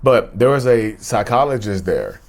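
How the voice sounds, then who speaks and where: A man's voice: lowish voice, animated, moderate pace. A man hosting a mental health vlog, talking loosely to his viewers, repeating and restarting phrases and calling them y'all. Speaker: mental health vlogger and host. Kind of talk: casual direct-to-camera monologue.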